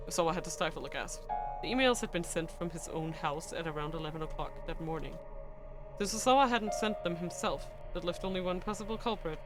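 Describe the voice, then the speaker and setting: A woman streamer reading a visual novel aloud, excitable and prone to bursts of shrieking and laughter. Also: fairly low pitch, brisk, over music.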